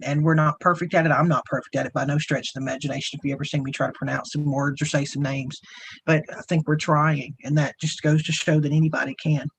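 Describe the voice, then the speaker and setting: A woman's voice: deep voice, flat delivery, quick pace, a little hiss or hum. A woman with a Southern US accent, co-hosting a casual round-table livestream in a folksy, rambling way. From Southern United States. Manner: chatty, folksy, rambling with frequent restarts. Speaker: co-host.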